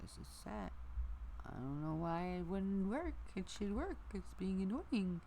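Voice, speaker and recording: A middle-aged woman hosting a casual livestream, chatting to her viewers, her equipment and her dogs, her voice going hoarse. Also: medium pitch, very animated, a little slow, mellow, slight background noise. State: losing her voice. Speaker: livestream host.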